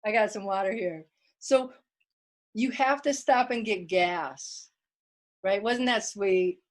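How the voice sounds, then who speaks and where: A woman's voice: medium pitch, slow pace. A woman giving an online wellness workshop talk from home, chatty and plain-spoken, reading viewer comments aloud.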